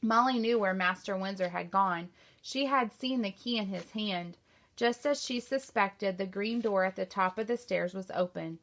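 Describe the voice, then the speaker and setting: A woman teacher reading a novel aloud to her class in a steady storytelling manner. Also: mid-range voice, moderate pace.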